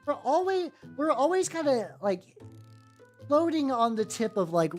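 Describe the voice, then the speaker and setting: A woman in her thirties chats casually while painting miniatures, rambling from idea to idea with constant "like" fillers as faint music plays in the background. Her voice is high, very animated, and a little mellow, with a measured pace.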